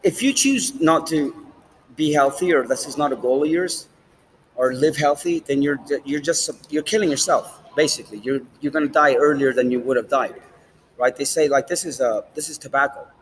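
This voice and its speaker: A man's voice: on the high side, moderate pace, slight background noise, rough recording. A man vlogging in a rambling, casual monologue, swearing often and jumping between topics. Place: outdoors, standing, smoking a cigar.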